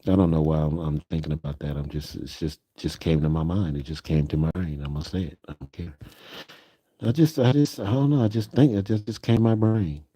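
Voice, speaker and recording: A man's voice: very deep voice, a little fast, mellow, no echo. A man chatting casually on his live stream, rambling and musing aloud with frequent "you know"s.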